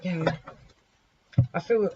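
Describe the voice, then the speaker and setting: A woman with a sore, hoarse throat gives a casual tarot reading, chatty and swearing lightly as she talks to her cards. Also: on the low side, drawn-out words, darkish tone. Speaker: tarot reader. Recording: muffled recording with clear background noise.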